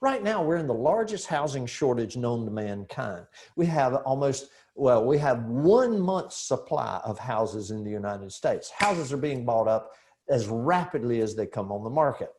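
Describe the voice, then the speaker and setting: Middle-aged man, sales trainer, animated storytelling, rhetorical questions, medium-pitched voice. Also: moderate pace. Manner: animated storyteller who acts out dialogue and asks rhetorical questions. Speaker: real estate sales trainer.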